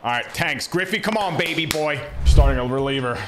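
A man's voice: fairly high pitch, fast talker, over music. Hyped young man calling his own game. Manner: excitable, slangy, swings between hype and mutters. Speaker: gaming streamer. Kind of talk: live gameplay commentary.

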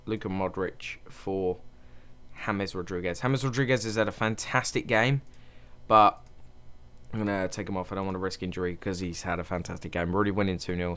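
A young man talks through a football management game, cheering his players on and reacting to every chance. His voice sits on the low side and comes across smooth and clear. It sounds close to a desk microphone. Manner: excitable, cheering on his team. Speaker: gaming channel host. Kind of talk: live game commentary.

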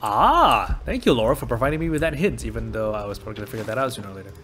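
A man's voice: medium pitch, expressive, racing, fairly bright tone. A man doing casual gameplay commentary, thinking aloud, joking and cursing at the game. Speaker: let's play commentator. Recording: game music under voice.

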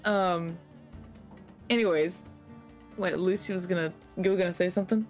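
A woman playing a tabletop game, excitable and quick to swear and laugh. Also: on the low side, soft background music. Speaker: player. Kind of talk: casual tabletop play.

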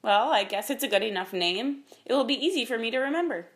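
A woman's voice: a little high, expressive, fast, close to an everyday voice. A woman voicing a friendly, practical young girl in a storybook reading, reassuring in tone.

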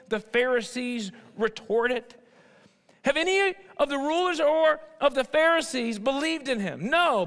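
A man preaching a sermon, swinging from loud emphatic bursts to low, quiet asides. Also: creaky, long reverb tail. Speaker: pastor.

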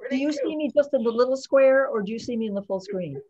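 A woman's voice: high-pitched, expressive, fast, background noise. A woman speaking hesitantly and correcting herself as she presents to her church over a video call. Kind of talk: casual talk. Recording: muffled video call audio.

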